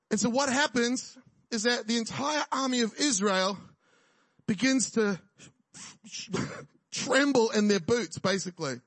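Male preacher, high voice, dry close sound, casual humor. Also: a bit bright, dry recording. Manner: jokey, conversational preaching with frequent "right?" and laughs. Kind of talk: sermon.

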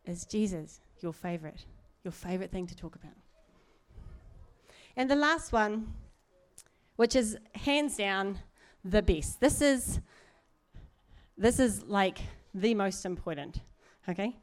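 A middle-aged woman preaches slowly in an animated, mid-range voice. Her sermon has an earnest, chatty feel, with many asides and regular bursts of laughter.

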